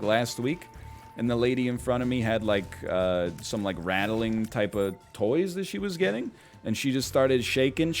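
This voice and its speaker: A man in his thirties chatting casually on a live stream while gaming, rambling and self-mocking with a wry tone. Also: on the high side.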